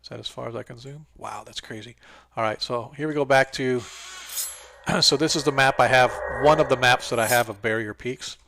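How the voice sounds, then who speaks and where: Gravelly gm guy rambling while he fiddles with maps, mid pitch. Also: normal speed, background noise. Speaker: game master. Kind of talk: casual pre-game chat.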